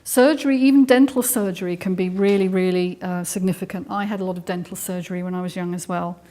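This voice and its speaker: A woman's voice: on the low side, fairly even intonation, fast, dark tone. A middle-aged woman with an English accent giving a live talk to an audience, earnest and explanatory, with frequent ums and restarts. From England. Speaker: speaker giving a talk on trauma.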